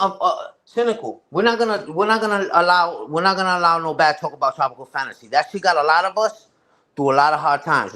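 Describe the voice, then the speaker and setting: A man's voice: on the high side, fairly bright tone. A man chatting casually with a live stream audience. He tells loose, slang-heavy, profane stories full of restarts. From New York.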